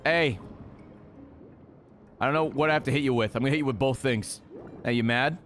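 A man streaming a game, excitable and swearing freely as he yells at the creatures on screen. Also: medium pitch, fairly quick, a little hiss or hum. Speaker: gaming streamer. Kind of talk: casual let's-play commentary.

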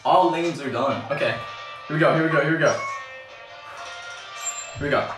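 A woman streaming a game, excitable and swearing often, yelling when she scores. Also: low voice, normal speed. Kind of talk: live game stream commentary. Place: bathroom. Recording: echoey bathroom, distant from mic, faint game music.

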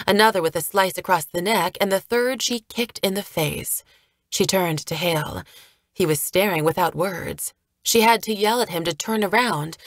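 A woman narrating an audiobook chapter, reading a fast action scene in a steady storytelling manner. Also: medium pitch, no echo. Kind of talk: scripted narration.

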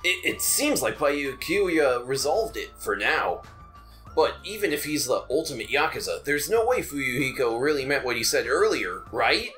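A man voicing a calm young male protagonist's inner monologue in a game playthrough. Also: mid-range voice, normal speed, soft background music. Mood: reflective.

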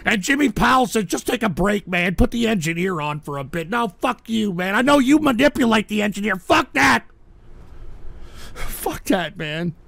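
A man hosting a live call-in stream, ranting and shouting with profanity, choked up and tearful. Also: high-pitched, lively intonation, normal speed, vocal fry, no echo. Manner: shouting, profane, whiny and fed up.

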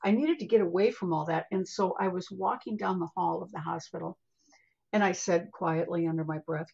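An older American woman with a husky, breathy, fairly low voice tells a personal story as a podcast guest. She is chatty and animated, dropping in a casual "honey." The recording sounds a little dull and lo-fi. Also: normal speed. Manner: chatty, calls the listener honey; animated, vivid retelling with acted asides. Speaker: podcast guest, spiritual healer.

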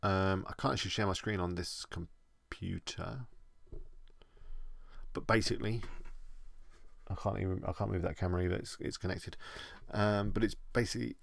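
A man's voice: low voice, fairly even intonation, moderate pace, gravelly, no room sound. A man with an English accent, chatting casually as he answers viewer questions on a live stream.

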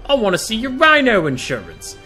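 A man's voice: high-pitched, huge pitch swings, brisk, pushed and bright, faint music behind, voice pushed up, exaggerated voice. A man doing a squawking rowdy daemon herald. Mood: indignant. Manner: rowdy slangy street talk, complaining. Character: indignant male daemon herald, loud, shouty.

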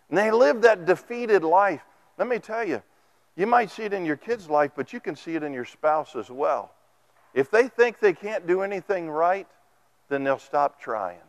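A man delivering a sermon in a church, speaking into a microphone. His voice sits high for a man and moves animatedly. The delivery is folksy, full of stories and acted-out quotes. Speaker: preacher. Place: church sanctuary.

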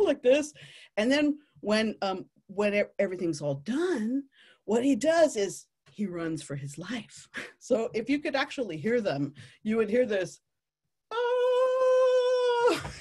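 A woman telling a playful nature story to families, animated and laughing often. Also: medium pitch, slightly rough.

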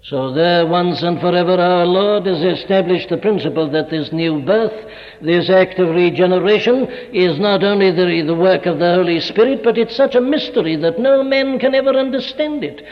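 Brief: emphatic male preacher, fairly high voice, long hall reverb. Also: expressive, normal speed. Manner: emphatic, rhetorical repetition. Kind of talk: sermon. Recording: dull echoey hall recording.

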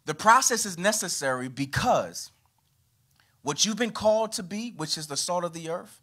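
A pastor delivers a sermon in a church, his voice pitched a little high for a man. He preaches with swings of pitch and loudness, sometimes punching out a phrase and sometimes dropping low and quiet. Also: moderate pace. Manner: animated preaching with sweeping pitch and volume.

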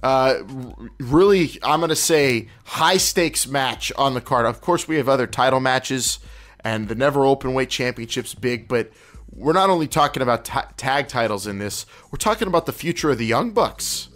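A man's voice: medium pitch, animated, moderate pace, fairly bright tone. A man hosting a wrestling podcast, chatting casually in a rambling way, with restarts and laughing asides. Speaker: podcast host. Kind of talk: casual chat.

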